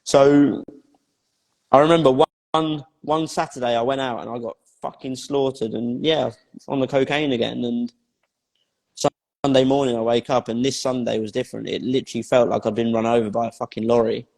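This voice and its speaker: A male life coach being interviewed tells his story bluntly and plainly, swearing freely and driving points home through repetition. His ordinary-pitched voice is steady, creaky, and a little mellow at normal speed, with a long reverb tail after each phrase, as if in a large, hard room.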